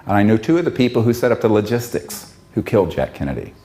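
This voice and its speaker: A man's voice: on the low side, big pitch swings, quick pace, warm tone. A man giving an impassioned public talk, fiery and emphatic. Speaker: public speaker.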